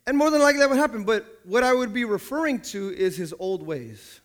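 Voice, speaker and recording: A man with a notably high voice preaches to his church, calling out for the congregation to repeat words after him. He slips into quoted voices to act out everyday scenes, then drops back into his preaching. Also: expressive, a little fast. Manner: call-and-response preaching, acting out people in quoted voices. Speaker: pastor. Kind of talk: sermon.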